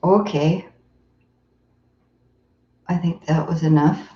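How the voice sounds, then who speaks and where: A woman meditation teacher giving a live-streamed dharma talk in a gentle, tender, unhurried way with soft pauses. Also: low voice. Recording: roomy echo, dull lo-fi sound.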